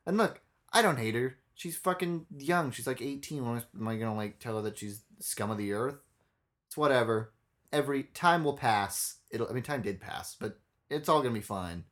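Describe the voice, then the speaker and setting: This is a young man co-hosting a casual podcast, and his storytelling is blunt, lively and packed with swearing. He talks at a normal speed with a medium-pitched voice.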